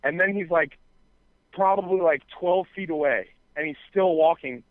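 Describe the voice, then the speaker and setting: A man's voice: a little high, moderate pace, no room sound. Rambling man telling a story, tinny sound. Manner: rambling, filler-heavy, profane, acts out quoted dialogue. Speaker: podcast co-host. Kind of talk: casual storytelling chat. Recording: dry, tinny phone-like sound.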